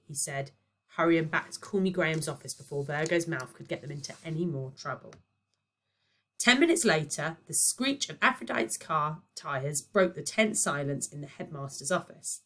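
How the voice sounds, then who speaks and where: A woman, a primary teacher, reading a children's novel aloud with expressive storytelling. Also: sits low, normal speed.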